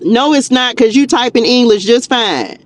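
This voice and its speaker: With a fairly high, expressive voice at a moderate pace, this woman does a casual live tarot reading in a Southern US drawl. She's a spiritual coach who says "child" and "y'all" a lot, laughs easily, and keeps lifting viewers up with warm encouragement. There's no echo on the recording.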